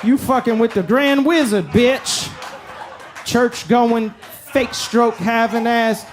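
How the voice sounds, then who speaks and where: A man's voice: very high-pitched, fairly even intonation, slow pace, soft background music. A man on a comedy stage voicing a cocky, foul-mouthed boyhood friend who taunts and swears with swagger. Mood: taunting. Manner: profane, swaggering, insulting.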